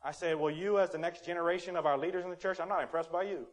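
High-voiced animated man preaching a sermon. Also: rapid-fire. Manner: animated, playful, acts out quotes, rises to loud emphasis. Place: church sanctuary.

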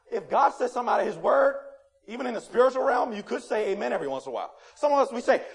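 A man preaching a sermon in a church, animated and playful, acting out quotes and rising to loud emphasis. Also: high voice, rapid-fire, gravelly. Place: church sanctuary.

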